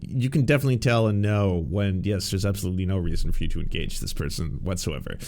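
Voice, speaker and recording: A man's voice: low voice, quick pace, vocal fry, darkish tone. Sarcastic profane male podcast host. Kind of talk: political commentary.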